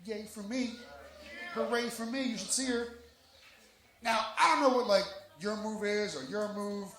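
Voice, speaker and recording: A man's voice: sits high, fairly even intonation, moderate pace, pushed and bright. A man doing a live stand-up set on a lounge stage, telling raunchy, self-deprecating stories into a stage mic. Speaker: stand-up comedian. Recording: echoey lounge with background noise.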